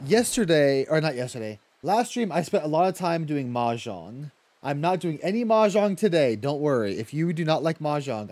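A man's voice: medium pitch, darkish tone. A man streaming a video game from home, chatting casually with viewers, reading and answering chat, swearing freely and laughing often.

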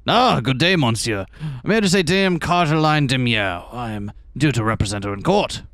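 A man's voice: mid-range voice, animated, moderate pace, fairly bright tone, no room sound. A man voicing a pompous male falcon lawyer with an exaggerated, bad French accent in a video game playthrough. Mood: grandiose. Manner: over-the-top, theatrical.

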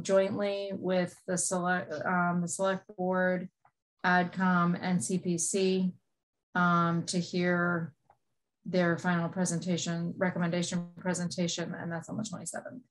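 A woman's voice: lowish voice, low-quality recording. A woman giving a hesitant liaison report at a town committee meeting. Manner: hesitant, many fillers.

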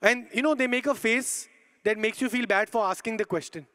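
High-voiced male stand-up comedian. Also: a little fast, clear, resonant tone. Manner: animated, hypes the crowd, acts out scenes. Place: live comedy stage in Dubai.

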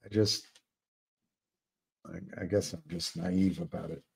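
A man's voice: sits low, steady tone, takes it slowly, vocal fry, darkish tone, husky. An older man hosting a live stream, chatting casually and rambling with frequent restarts. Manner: rambling, musing, many restarts. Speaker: livestream host.

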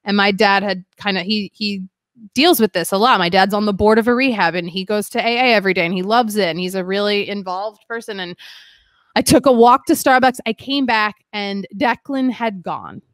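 A woman's voice: mid-range voice, normal speed, no room sound. A young woman, a podcast guest, telling her story in a rambling, candid way, full of "like" and restarts. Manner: rambling, heavy use of "like", frequent restarts.

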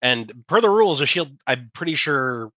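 A man playing in a tabletop game, chatty and quick to argue the rules. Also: mid-range voice, expressive, pushed and bright, no echo. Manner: chatty, laughs between lines, argues rules. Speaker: player. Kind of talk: casual tabletop play. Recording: slightly dull, dry mic.

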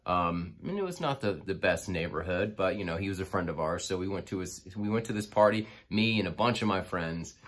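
A man's voice: low voice, lively intonation, fairly quick, hardly any pauses, fairly bright tone. A man casually telling a personal story, rambling with many fillers and restarts.

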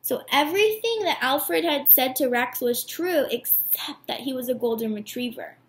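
A woman teacher reading a picture book aloud to her students, warm and animated. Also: high voice, moderate pace. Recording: echoey room.

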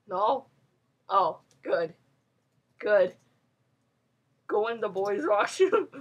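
A woman's voice: mid-range voice, breathy edge. A young woman giving playful let's-play commentary, giggling often and bossing other players around. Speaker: gamer.

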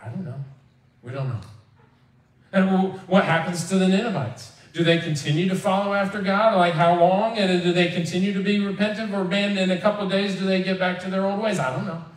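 A man preaching a conversational sermon as pastor, animated and acting out the people he quotes. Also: high-pitched, fairly quick. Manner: animated, acts out quoted voices. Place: church sanctuary. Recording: echoey church hall from far off.

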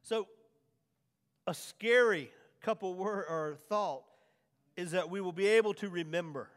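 A man preaching a sermon as pastor, swinging from hushed lines to loud, drawn-out emphasis. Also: high voice. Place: church sanctuary. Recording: long church hall reverb.

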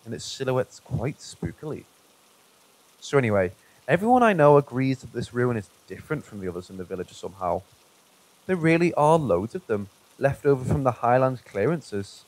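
Man, story narrator, calm, even delivery, mid pitch. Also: rough recording. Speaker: narrator reading viewer stories. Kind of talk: scripted narration.

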